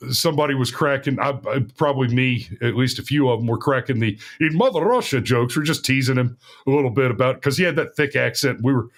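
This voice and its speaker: A man's voice: medium pitch, fast talker, hardly any pauses. A middle-aged man co-hosting a podcast, talking casually about politics in a rambling way, often restarting his sentences. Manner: rambling, restarts often, laughs at own stories. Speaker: podcast co-host.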